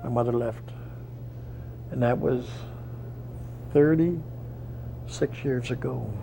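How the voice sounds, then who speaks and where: A man's voice: medium pitch, slow, gravelly, dark tone, a little hiss or hum, low-quality recording. A man in an interview, telling folksy stories and acting out the dialogue of people he quotes. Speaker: interviewed wrestler. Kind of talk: storytelling in an interview.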